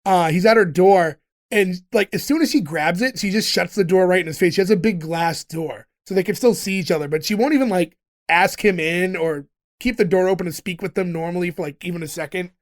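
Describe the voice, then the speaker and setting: High-voiced male podcast host, chatty recapper who laughs often. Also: fairly quick. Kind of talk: casual podcast chat.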